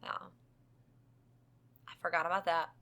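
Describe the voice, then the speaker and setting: A woman's voice: on the low side, level tone, a little slow, fairly bright tone. A woman co-hosting a podcast, chatting casually in a rambling, giggly way. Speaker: podcast co-host. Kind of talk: casual chat.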